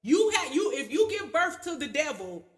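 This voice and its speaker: This streamer, a mother, delivers a loose, swear-filled story to her audience in an offhand rant. She talks at a normal pace, her voice pitched high with a sing-song lilt.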